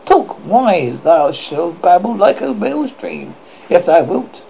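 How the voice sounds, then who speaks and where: A man's voice: high voice, very animated, takes it slowly, gravelly, mellow, slight background noise, full character voice. A man voicing a grim, scheming old witch, speaking in stern, archaic, theatrical tones. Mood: doting. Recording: muffled lo-fi recording.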